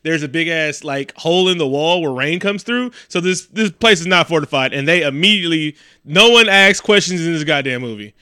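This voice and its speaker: A man recapping a movie in a casual, profane way, animated and acting out the scenes. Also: a little high, a little fast, few pauses, clean tone, dry recording, clean studio sound. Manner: animated, swears heavily, acts out scenes.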